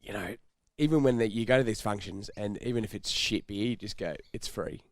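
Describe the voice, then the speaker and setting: A man's voice: fairly low pitch, fairly quick, no room sound. A man with an Australian accent co-hosting a podcast, rambling through stories with plenty of swearing and laughter. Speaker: podcast co-host. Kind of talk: casual banter.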